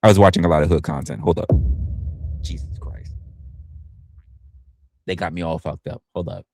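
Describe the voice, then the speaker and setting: A livestream host chats loosely and profanely, racing through his words, often stumbling and restarting, his pitch swinging animatedly up and down. The studio-quality audio has no room sound.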